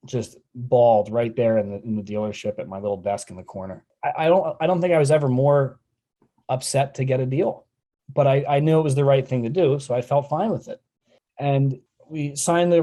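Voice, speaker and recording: Male guest, mellow storyteller, earnest, voices his quotes. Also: mid-range voice. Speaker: sales trainer, guest. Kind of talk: telling a personal story in an interview.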